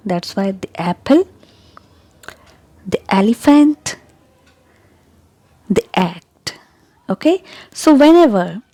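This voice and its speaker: A woman's voice: on the high side, mellow, no echo, low-quality recording. A woman hosting an English pronunciation lesson, explaining each rule patiently and repeating key points. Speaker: English teacher.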